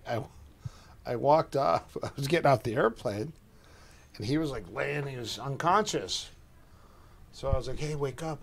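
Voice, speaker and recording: Middle-aged man telling lively stories. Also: medium pitch. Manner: animated, acts out quoted voices, restarts often. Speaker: guest, martial arts coach. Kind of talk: casual storytelling.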